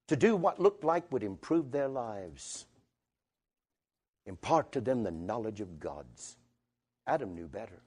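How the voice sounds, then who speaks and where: In a church, a man preaches emphatically to a congregation, shifting from quiet reflection to loud declarations. His voice is lowish with a breathy edge.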